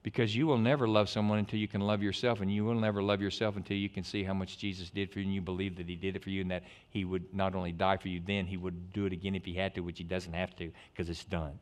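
Animated digressive male preacher. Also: low voice, fast, hardly any pauses. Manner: animated, digressive, swings from loud to hushed. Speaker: pastor. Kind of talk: sermon.

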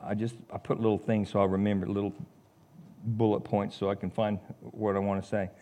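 A middle-aged man, preaching a sermon as an animated storyteller who chuckles along. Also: lowish voice, a little fast.

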